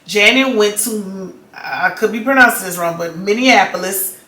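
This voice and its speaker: Woman vlogger, casual rambling chat, sharp bright tone, roomy echo. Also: medium pitch, normal speed. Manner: chatty, rambling, many "like"s and restarts. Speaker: vlogger reviewing a documentary.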